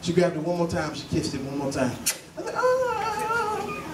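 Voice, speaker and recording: A man's voice: on the high side, fairly even intonation, fast talker. Man doing crude stand-up in an echoey club. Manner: crude storytelling, quizzing the crowd. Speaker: stand-up comedian. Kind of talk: stand-up set. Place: live comedy lounge. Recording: echoey club from far mic with crowd noise.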